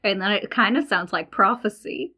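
A woman's voice: mid-range voice, moderate pace, pushed and bright, slightly rough. A woman in casual chat, chiming in with playful quips.

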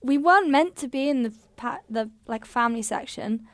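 A woman's voice: on the high side, animated, moderate pace, no room sound. A young woman from England, a podcast guest chatting in a laid-back way and laughing easily. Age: young adult. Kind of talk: casual chat.

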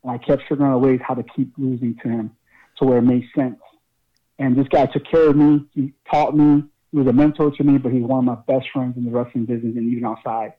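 A man's voice: mid-range voice, little pitch movement, fast talker, phone-quality sound. A man who wrestles professionally, telling a story from the ring in a casual, swearing, laughing way. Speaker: pro wrestler guest.

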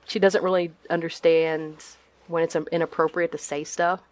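A woman from Texas talks freely about her hobbies as a podcast guest, with a low voice that is often broken up by fillers and little laughs. The sound is dry and close, with almost no room around her. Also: little pitch movement, normal speed, no room sound. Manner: chatty, lots of fillers and laughs. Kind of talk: casual chat. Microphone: video call.

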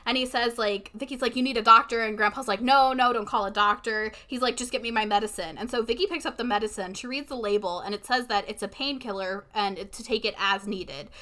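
Bright-voiced young woman recapping a story. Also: on the high side, quick pace, few pauses. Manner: chatty, acts out characters' lines with swearing. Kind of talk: casual chat.

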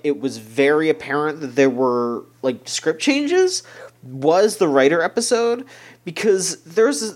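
A young man talking casually about a show he watched, rambling with lots of fillers and restarts. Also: on the high side. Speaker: podcast co-host. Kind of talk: casual chat reviewing an anime.

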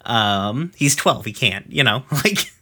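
A man's voice: mid-range voice, expressive, takes it slowly, sharp tone. A man in his thirties hosting a podcast as a casual chat, rambling and swearing, with many fillers and restarts. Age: 30s. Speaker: podcast host recapping episodes.

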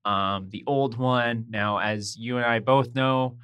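A woman co-hosting a casual podcast from home, chatting in a rambling way and getting loud when excited. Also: very deep voice, slow pace, clear, resonant tone. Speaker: podcast co-host. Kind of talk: casual chat. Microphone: home mic over a voice call.

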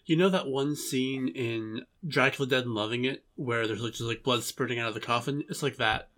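A man's voice: mid-range voice, brisk, fairly bright tone. A man co-hosting a podcast, chatting with a wry, joking manner and self-deprecating asides. His voice sits in an ordinary mid range. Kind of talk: casual chat.

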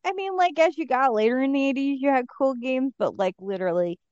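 A woman's voice: sits high, lively intonation, fairly quick, a little mellow, no echo, lo-fi sound. A woman co-hosting a podcast in casual chat, teasing and nostalgic. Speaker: podcast co-host.

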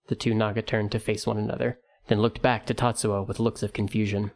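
A man narrating a fantasy novel in a measured, even storytelling manner. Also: lowish voice, vocal fry. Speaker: audiobook narrator. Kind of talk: scripted narration.

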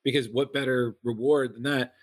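A man's voice: mid-range voice, steady tone, moderate pace. A man with a mid-range voice who talks in a loose, rambling way, stumbling and restarting his sentences as he goes. He sounds like a friend sharing a story in an easy chat. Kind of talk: casual chat.

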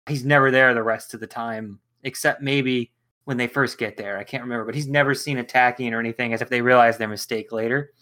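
A man co-hosting a podcast in casual chat, laughing often and acting out quotes in quick impressions. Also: mid-range voice, pushed and bright. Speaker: podcast co-host.

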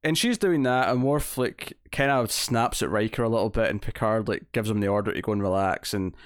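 A man's voice: lowish voice, brisk, dry recording, studio quality. A man co-hosting a podcast. He chats casually and rambles, with many fillers and restarts. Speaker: podcast co-host. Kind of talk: casual chat.

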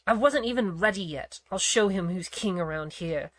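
A woman voicing a proud, hot-headed young boy, speaking slowly and emphatically in a raised voice during a storybook reading. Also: on the low side, lively intonation, no echo. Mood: indignant.

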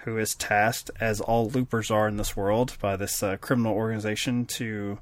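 A man's voice: lowish voice, level tone, normal speed. Rambling, self-deprecating male podcast co-host. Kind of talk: casual chat.

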